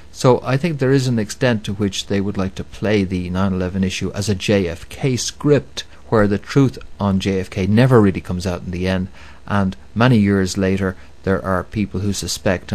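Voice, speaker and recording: Male radio host, very low voice, emphatic monologue, repeats himself. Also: a little mellow. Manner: emphatic, repetitive, with many fillers. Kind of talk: monologue commentary.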